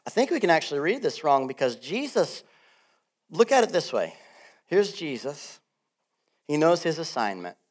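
Animated laughing preacher man. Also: a little high, moderate pace, pauses often. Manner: animated, laughing often, swings between loud and soft. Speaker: pastor. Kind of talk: sermon.

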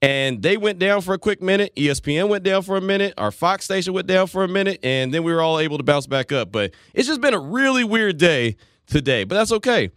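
A man's voice: sits high, animated, brisk, a bit bright, no echo, clean studio sound. A man hosting a sports talk radio show, chatting loosely and rambling between listener messages and calls. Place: radio studio. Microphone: studio microphone.

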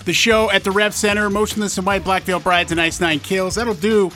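Man, radio co-host, bright tone, emphatic and enthusiastic, studio mic, faint music. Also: high-pitched, fairly even intonation, fairly quick. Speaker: radio morning show co-host. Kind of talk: casual radio chat and game hosting. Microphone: studio microphone.

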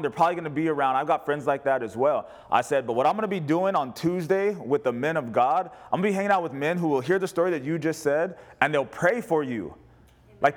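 High-voiced man preaching a sermon. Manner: conversational, emphatic preaching with humor. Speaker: pastor.

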